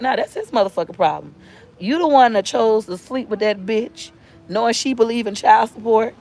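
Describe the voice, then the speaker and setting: Blunt, profane woman ranting to followers. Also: fairly high pitch. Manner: blunt, profane, emphatic, rising to near-shouts. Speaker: mother and online seller. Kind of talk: unfiltered parenting rant to followers. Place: inside a car.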